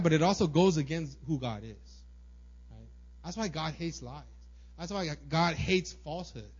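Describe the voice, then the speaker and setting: Casual young pastor preaching, lo-fi sound. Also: male voice, high voice, a little mellow. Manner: casual, filler-heavy preaching with many "right?" and "like". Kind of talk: sermon.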